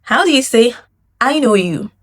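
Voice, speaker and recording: A woman teaching a Mandarin lesson in English, saying phrases slowly and drawing them out for learners to repeat. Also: on the high side, expressive, breathy edge. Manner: slow, drawn-out model phrases for learners to repeat; explains in English, demonstrates in Mandarin. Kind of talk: language lesson with repetition drills.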